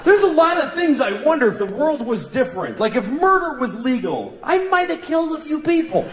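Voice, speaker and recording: A male comedian telling a wry, exasperated story, with sudden loud outbursts. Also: very high voice, big pitch swings, brisk, echoey room, background noise. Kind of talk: stand-up and talk show chat.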